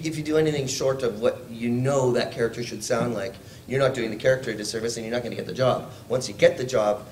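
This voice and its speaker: A man's voice: medium pitch, recorded from a distance, a little hiss or hum. A man, a voice actor, telling jokey stories at a convention panel. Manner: lively, jokey, drifts into quick voices. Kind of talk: animated panel storytelling. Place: large convention panel room. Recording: roomy convention hall.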